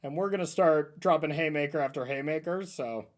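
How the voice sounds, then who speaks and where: A man streaming a card game, thinking aloud about his plays in a relaxed, chatty way. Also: on the high side, brisk. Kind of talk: casual gameplay commentary.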